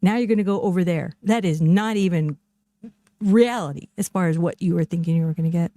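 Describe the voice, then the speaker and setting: Giggly podcast lady, warm mellow voice, dry close sound. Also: on the low side, brisk, no room sound. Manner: giggly, laughs often mid-sentence. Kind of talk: casual chat.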